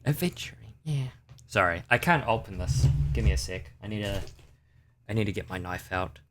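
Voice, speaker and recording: A man's voice: sits low, fairly even intonation, a little fast, over loud music. A man hosting a casual livestream, rambling and chatting with his viewers. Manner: rambling, chatty, talks to chat. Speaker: livestream host.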